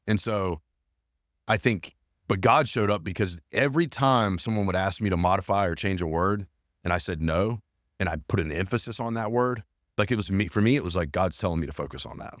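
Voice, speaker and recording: A man's voice: low-pitched, a little fast, fairly bright tone, no echo, clean studio sound. A male podcast host, talking earnestly and emphatically in a casual conversation. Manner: earnest and emphatic, repeats phrases.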